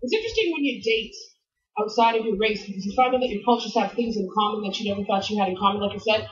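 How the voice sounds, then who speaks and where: A woman in her thirties performing a brash, animated stand-up comedy set, working the crowd on a comedy stage. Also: mid-range voice, fast. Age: 30s. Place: comedy club stage before a live audience. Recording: dull lo-fi TV broadcast.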